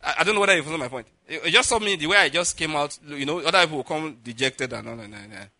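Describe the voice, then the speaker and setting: A man's voice: a little high, rapid-fire, no echo. A man from Nigeria preaching, telling a personal story with lots of acted-out dialogue and frequent laughter. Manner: animated storyteller, acts out dialogue, laughs often. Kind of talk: sermon storytelling.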